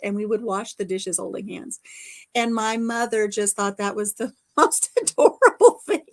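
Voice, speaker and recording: An older woman hosting a casual livestream chat, telling stories warmly and laughing often. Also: a little high. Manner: chatty storyteller, laughs often. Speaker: livestream host.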